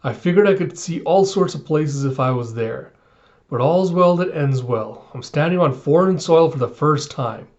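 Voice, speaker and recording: A man's voice: on the high side, lively intonation, moderate pace, a little mellow, dull audio, natural voice. A man reading the lines of a bold, adventurous young samurai in a comic. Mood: earnest.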